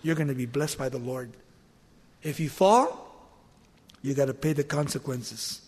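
A man's voice: unhurried, a little mellow, husky, long reverb tail. A man preaching a sermon, dramatically acting out the lines he quotes, with sudden jumps in volume. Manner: dramatic, acts out quoted lines with big swings in pitch and volume.

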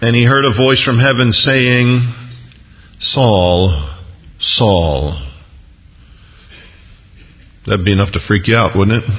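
A man preaching a sermon in a conversational way, with frequent casual asides to the congregation. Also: mid-range voice. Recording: echoey hall, dull lo-fi sound.

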